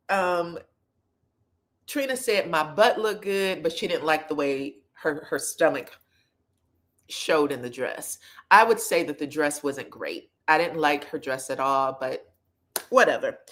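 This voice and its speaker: A woman chatting casually as she recaps a reality TV episode, sassy and chatty, and she jumps into lively voices when she quotes people. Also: low voice, a little slow.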